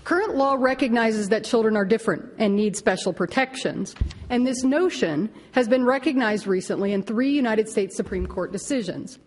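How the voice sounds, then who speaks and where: A woman attorney making a measured oral argument before a court, often restarting phrases. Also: mid-range voice. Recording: long reverb of a courtroom.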